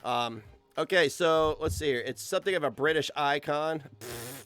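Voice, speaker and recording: A man's voice: on the high side, normal speed, fairly bright tone. Sarcastic crude-joking American man streamer. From United States. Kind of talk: casual stream chat. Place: home computer setup.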